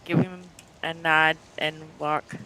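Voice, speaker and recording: Tabletop player, casual chat, dry, laid-back, bright voice. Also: medium pitch, little pitch movement, takes it slowly, smooth, no room sound, poor audio.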